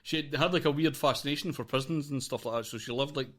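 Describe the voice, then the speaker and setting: A man's voice: mid-range voice, fast talker, fairly bright tone. A man hosting a podcast, reacting with short exclamations and stumbling over his words. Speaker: podcast host. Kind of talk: casual podcast chat.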